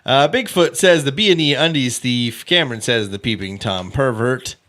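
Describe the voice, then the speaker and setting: Speaking in a mid-range, slightly bright voice, this man reads out the timeline of a case on his laid-back true crime podcast. He tosses in offhand remarks and corrects himself quickly as he goes.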